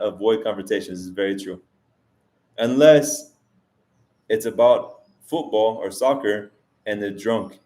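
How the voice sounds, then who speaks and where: A man's voice: fairly low pitch, darkish tone. A man hosting a live stream, talking casually and rambling with restarts and fillers as he answers chat. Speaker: vlogger host reading live chat.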